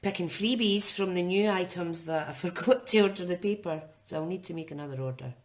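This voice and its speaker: In a casual live-streamed demo, a woman talks briskly in a lowish voice as she works on a card-making project, chatting and thinking aloud along the way.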